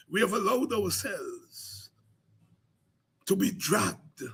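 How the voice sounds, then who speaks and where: On his political commentary program, this Guyanese host preaches with passion, climbing to shouts and cries. He has a high, gravelly voice with a breathy edge.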